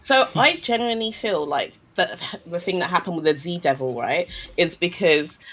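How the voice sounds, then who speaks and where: A woman's voice: fairly low pitch, moderate pace. A woman talking candidly as a guest in a casual chat, telling stories and acting out quotes. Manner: candid, animated storytelling with acted-out quotes.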